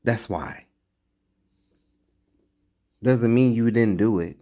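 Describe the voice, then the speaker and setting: Man commentator, slow and lowish, blunt and mocking, swears freely. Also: warm tone. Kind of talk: reaction commentary on a clip.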